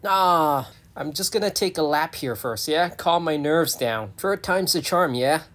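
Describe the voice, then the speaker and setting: A man's voice: fairly high pitch, animated, unhurried, a bit bright. A man voicing a cheeky, whiny male hedgehog stuck in a water catchment, talking in slangy banter. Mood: nervous.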